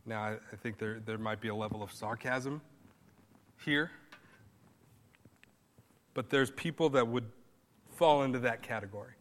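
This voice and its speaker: A man's voice: mid-range voice, moderate pace, pauses often, long reverb tail. A man pastor preaching a sermon in a conversational style, rising now and then to emphatic bursts.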